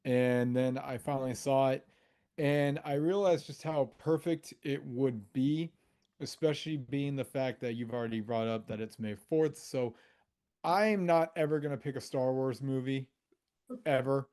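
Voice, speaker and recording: A man's voice: medium pitch, fairly even intonation, unhurried, mellow, smooth. A man co-hosting a casual movie podcast over a video call, explaining his pick in enthusiastic, meandering talk. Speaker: podcast co-host. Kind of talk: casual chat among friends.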